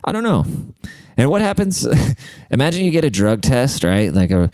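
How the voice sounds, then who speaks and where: A man's voice: medium pitch, big pitch swings, normal speed, dark tone, no room sound. A man hosting his own podcast alone, a comedian rambling in a profane, jokey way. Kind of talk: solo podcast monologue.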